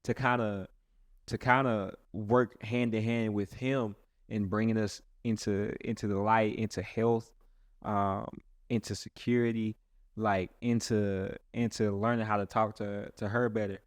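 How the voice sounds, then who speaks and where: A man's voice: lowish voice, level tone, measured pace, dry recording. A man who is a pastor, talking earnestly and casually in a rambling way with many restarts. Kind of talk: casual podcast chat.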